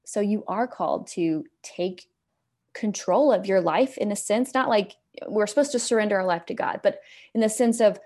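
A woman's voice: mid-range voice, moderate pace, darkish tone. Earnest woman hosting a faith podcast. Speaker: podcast host. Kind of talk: casual chat and scripture reading.

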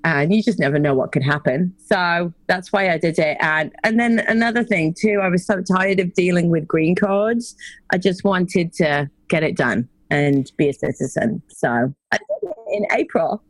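Low-voiced English-American woman guest. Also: animated, normal speed, no room sound. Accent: English mixed with Midwestern American. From England, near Birmingham. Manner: warm storytelling, many fillers like "you know". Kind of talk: casual interview chat.

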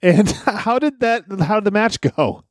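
A man's voice: high voice, lively intonation, unhurried. A man hosting a podcast in casual chat, joking and laughing often. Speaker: podcast host.

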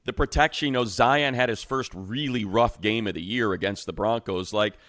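A man's voice: lowish voice, normal speed, no echo, clean studio sound. A man co-hosting a casual sports talk show, opinionated and given to heated rants. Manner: opinionated, heats up into animated rants. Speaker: co-host.

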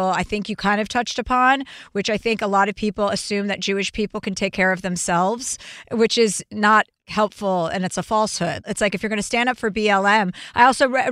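A woman hosting a podcast in casual chat, blunt and profane, talking fast and freely. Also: on the high side, a bit bright, dry recording, studio quality. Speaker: podcast host.

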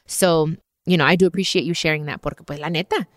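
A woman's voice: low voice, steady tone, quick pace, dry recording, studio quality. A woman hosting a casual chat, empathetic, mixing English and Spanish. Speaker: host.

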